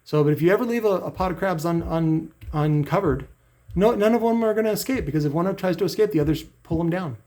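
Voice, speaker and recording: Profane gravelly man ranting. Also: a little high, brisk, a little mellow. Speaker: channel host. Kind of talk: angry vlog rant.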